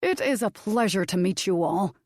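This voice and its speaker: A woman's voice: mid-range voice, expressive, moderate pace, darkish tone, no room sound, clean studio sound, natural voice. A woman voicing a nervous, overly formal male vampire official in an audiobook, speaking in a stiff, polite way. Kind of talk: audiobook character voice.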